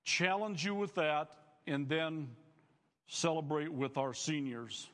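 A man's voice: fairly high pitch, slow pace, fairly bright tone, in a large hall. A male pastor preaching a sermon to students, earnest and emphatic, building phrases up as he speaks.

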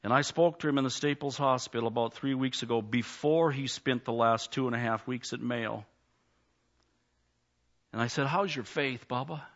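A man's voice: mid-range voice, moderate pace. Folksy man preaching a sermon. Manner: plainspoken, folksy storytelling that builds to a loud altar call. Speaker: pastor. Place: church. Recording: slightly dull lo-fi sound.

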